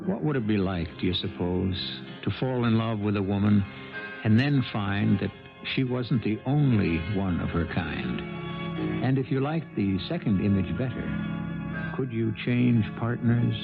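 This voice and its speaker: A man hosting a 1970s radio drama, musing aloud in a measured storytelling manner. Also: lowish voice, gravelly. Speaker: host. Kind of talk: radio drama host commentary. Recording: dull 1970s radio broadcast over music.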